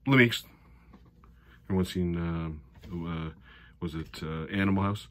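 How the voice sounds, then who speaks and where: A middle-aged man giving a casual recap of a hockey game, animated and sarcastic, often exasperated. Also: deep voice, moderate pace, long pauses, no room sound. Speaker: hockey fan commentator.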